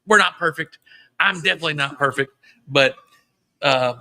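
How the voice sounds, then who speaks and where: A man from Tennessee co-hosting a local live show, talking in an earnest, folksy, halting way. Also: fairly high pitch, bright, forceful tone, low-quality recording. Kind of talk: casual chat, then prayer.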